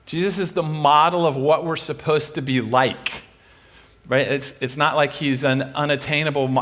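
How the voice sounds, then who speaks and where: A man's voice: a little high, fairly bright tone. A middle-aged man preaching a conversational sermon, informal and humorous, telling stories and often restarting his sentences.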